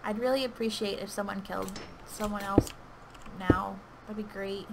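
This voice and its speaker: A woman giving anxious, pleading live commentary on her own gameplay, with sudden loud outbursts. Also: medium pitch, steady tone, moderate pace, creaky, heavy background noise. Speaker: gaming video creator. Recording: keyboard clicking audible behind voice.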